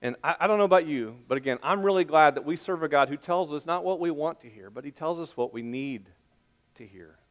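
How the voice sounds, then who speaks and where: A man's voice: a little high, fairly quick. A middle-aged man preaching a sermon, telling a rambling, self-deprecating family story with many restarts. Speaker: pastor.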